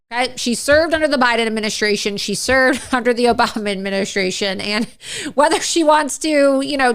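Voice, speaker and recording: A woman's voice: a little high, a bit bright, smooth. A woman giving political opinion commentary, emphatic and repeating her points, with little chuckles in the middle of her sentences.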